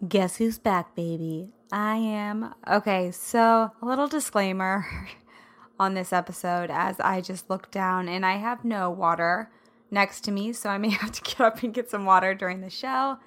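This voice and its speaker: A woman from the American Midwest hosting her podcast in a casual, bubbly chat, her throat a little scratchy and hoarse as she laughs often. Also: mid-range voice, unhurried, a bit bright. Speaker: podcast host.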